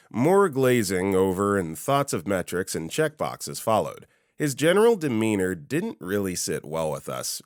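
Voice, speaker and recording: A man reading a Reddit story aloud as narrator, in a wry, expressive storytelling manner. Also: fairly low pitch, no echo, studio quality.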